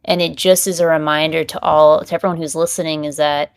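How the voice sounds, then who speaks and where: A woman's voice: sits low, level tone, fairly quick, clean tone. A woman hosting a podcast, asking earnest, encouraging questions. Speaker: podcast host. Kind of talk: interview conversation.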